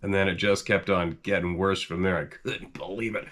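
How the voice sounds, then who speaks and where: A middle-aged Canadian man with a stuffy head cold, chatting casually to camera in a rambling, animated way. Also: low voice, moderate pace. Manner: rambling and animated, chuckles often, voice jumps up when quoting himself. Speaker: hunting channel host.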